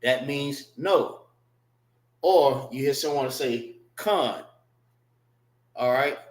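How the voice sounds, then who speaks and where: Man teaching a class, slow and patient, keeps repeating stuff, room echo. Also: medium pitch. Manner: patient, repeats words slowly, spells them out. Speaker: class instructor. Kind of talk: classroom lesson on writing and pronunciation.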